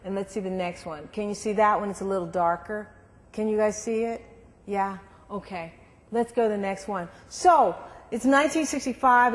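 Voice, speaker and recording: Middle-aged woman, guest speaker, storytelling to a student audience, long hall reverb. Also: medium pitch. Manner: warm, animated storytelling with acted quotes. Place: lecture hall.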